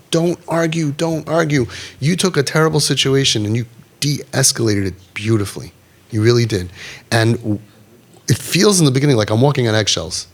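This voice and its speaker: A middle-aged man counseling parents in a group talk, animated and acting out quotes, sprinkling in Yiddish and Hebrew words. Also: mid-range voice.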